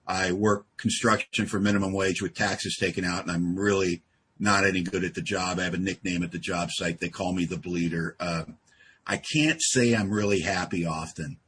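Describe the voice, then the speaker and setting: A man giving a humorous share at a recovery meeting, an animated storyteller who acts out dialogue. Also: deep voice, husky. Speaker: AA speaker.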